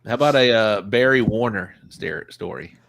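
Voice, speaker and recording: A man's voice: on the low side, animated, moderate pace, vocal fry, fairly bright tone. A man hosting a casual podcast chat, laughing easily and bantering with his guest. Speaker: podcast host.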